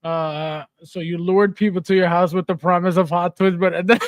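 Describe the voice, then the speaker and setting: A man's voice: high voice, little pitch movement, normal speed, few pauses, no room sound, studio quality. A man hosting a casual livestream, reading viewer comments aloud, laughing often and repeating words for comic effect. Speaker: livestream host.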